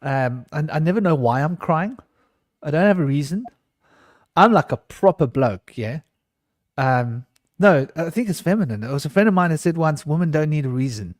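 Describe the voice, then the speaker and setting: A man's voice: on the high side, expressive, moderate pace, no echo, clean studio sound. A man talking in a casual round table discussion, rambling and emotional with many restarts.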